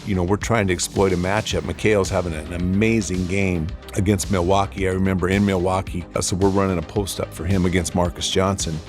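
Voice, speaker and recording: A former pro basketball player recounting a game in a relaxed, casual way. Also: male voice, low voice, brisk, few pauses, soft background music. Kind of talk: casual storytelling.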